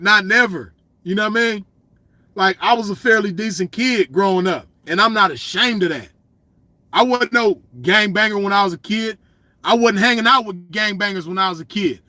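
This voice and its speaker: A man delivers a swaggering solo rant, blunt and profane, circling back on his points. His voice sits high and sounds bright and forceful. The recording is close and dry. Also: no echo. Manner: blunt, swaggering, profane, repeats "you know what I mean". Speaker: commentator. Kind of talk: ranting solo monologue.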